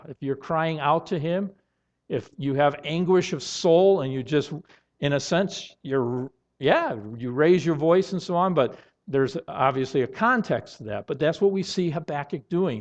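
A man preaching a sermon in an earnest tone, now and then rising to loud, emphatic outbursts. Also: a little high. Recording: dull lo-fi sound.

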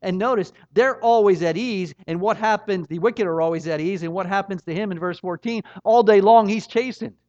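A man's voice: sits high, brisk, hardly any pauses, dry recording. A middle-aged man preaching a sermon, earnest and emphatic, with a rising and falling delivery. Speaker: pastor. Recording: dull, slightly muffled dry recording.

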